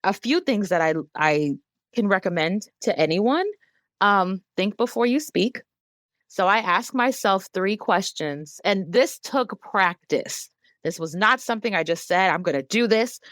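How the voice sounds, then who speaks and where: A woman in her thirties, a guest on an interview show, speaking candidly and earnestly, growing animated when she quotes other people. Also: medium pitch, measured pace, no room sound, studio quality. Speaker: guest, emotional wellness advocate.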